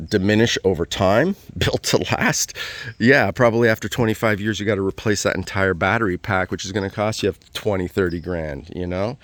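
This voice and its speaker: A man's voice: on the low side, dry recording. A man talking casually and enthusiastically about his vehicle in a rambling vlog walkaround. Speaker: vlogger.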